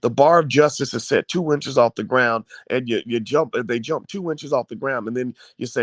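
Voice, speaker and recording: A man's voice: medium pitch, normal speed, few pauses, no room sound. Heated man ranting in a dry room. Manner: heated, preachy, repeats and stammers, swears. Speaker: commentary host. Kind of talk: impassioned political commentary.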